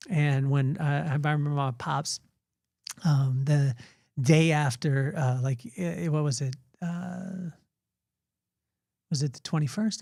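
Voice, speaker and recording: A podcast host in his forties shares a heartfelt personal reflection, his voice tearful as he halts often with fillers and restarts. His pitch is fairly high and a little mellow, recorded in studio quality with no echo.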